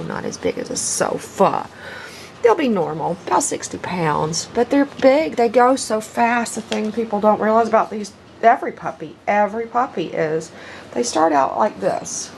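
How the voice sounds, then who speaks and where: A middle-aged woman rambles fondly in a casual home video, cooing baby talk to her puppies. Her voice is gravelly with an everyday pitch. The handheld camera audio picks up a good deal of hiss and noise. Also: lively intonation, moderate pace, low-quality recording. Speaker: dog breeder. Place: bedroom at home.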